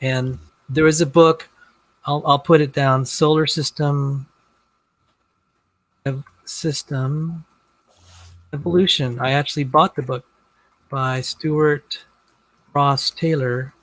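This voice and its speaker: A man being interviewed, telling his story in a rambling, halting way with many restarts. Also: fairly high pitch, steady tone, a bit bright, no room sound, low-quality recording. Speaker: interview guest. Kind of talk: casual conversation.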